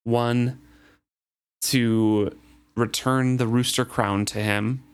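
A man's voice: medium pitch, fairly even intonation, very slow, clean tone. A man co-hosting a casual book discussion, reading passages and thoughtfully explaining the plot.

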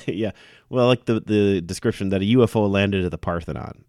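A low-pitched man talking football in a relaxed co-host chat. He is opinionated, laughs easily and restarts sentences. The sound is dry and close. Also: moderate pace, no room sound. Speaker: podcast co-host. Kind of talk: casual sports chat.

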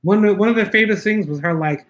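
High-voiced man telling lively stories. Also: racing. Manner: animated, acts out quoted voices; laughs often, many restarts. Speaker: guest filmmaker. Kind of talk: casual storytelling interview.

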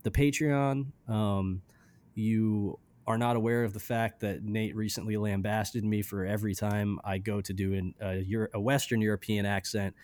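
A man co-hosting a casual music podcast, rambling with many restarts and trailing off quietly. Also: on the low side, fairly even intonation, normal speed. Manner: rambling, restarts often, drops quiet at ends of thoughts. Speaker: podcast co-host reviewing music. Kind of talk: casual chat.

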